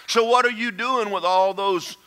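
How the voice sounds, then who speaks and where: A man's voice: sits high, moderate pace. A man preaching a sermon, emphatic and calling out to the congregation. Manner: animated, emphatic, calls out to the congregation. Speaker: pastor.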